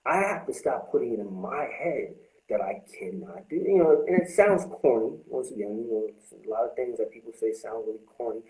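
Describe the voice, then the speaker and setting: A man's voice: medium pitch, lively intonation, fairly quick, darkish tone, roomy sound, low-quality recording. A man talking candidly about his recovery from drinking, blunt and heavy with swearing. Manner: blunt, profane, confessional. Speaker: host.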